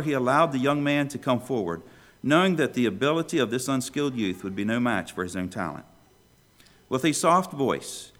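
A man preaching a sermon in a church, swinging between loud questions and hushed low lines. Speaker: pastor.

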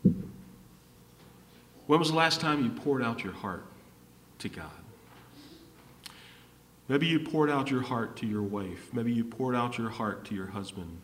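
A pastor preaching a sermon, repeating his key phrases and swinging from emphatic high points down to low, quiet lines. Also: slow pace, long pauses, slight background noise. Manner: repetitive, rising to emphatic peaks and dropping low. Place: church hall. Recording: echoey hall from far off.

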